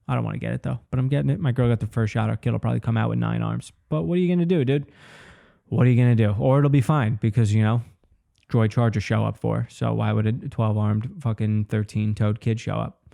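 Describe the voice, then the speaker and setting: Twenties male comic, solo podcast ramble, mellow low-key tone, profane and loose. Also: little pitch movement, quick pace, vocal fry. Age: 20s. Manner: rambling, profane, says "dude" often. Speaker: comedian and podcast host. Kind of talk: casual solo podcast monologue.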